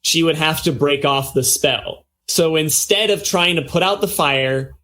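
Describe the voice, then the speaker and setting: A man running a tabletop role-playing game as game master, mixing rules talk with measured, descriptive narration. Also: a little high, sharp tone.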